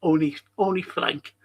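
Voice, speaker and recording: This older podcast host rambles through a casual chat, answering messages from listeners. His husky voice sits on the high side, and the highs are cut off.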